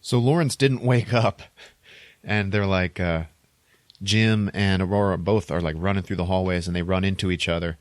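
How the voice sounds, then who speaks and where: A man with a deep, low voice retells a film's plot casually on a podcast, rambling and animated, tossing in little sound effects. The sound is dry and close, with no room around it. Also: moderate pace, no room sound. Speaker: podcast host. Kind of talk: casual movie plot recap.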